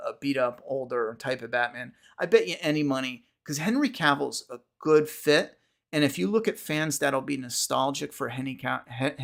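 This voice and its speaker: A man's voice: medium pitch, gravelly, fairly bright tone. A man hosting a podcast livestream, chatting casually with viewers, rambling with frequent restarts and casual swearing. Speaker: podcast host.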